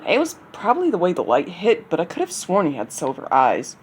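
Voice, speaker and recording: Male detective, unsure and sheepish, read by a woman, lowish voice. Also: wildly swooping pitch, a little fast, breathy edge, heavily acted. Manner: hesitant, embarrassed. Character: uneasy young male detective.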